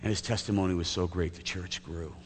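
A man's voice: deep voice, steady tone, brisk. A man preaching a sermon as pastor, telling a story vividly and acting out its scenes. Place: church sanctuary. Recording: echoey hall, faint hum.

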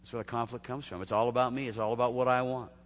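A man's voice: medium pitch, flat delivery, racing, slight background noise. A man preaching a sermon in a loose, conversational way, talking directly to the congregation. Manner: conversational preaching with acted quotes and laughs. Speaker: pastor. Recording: long hall reverb.

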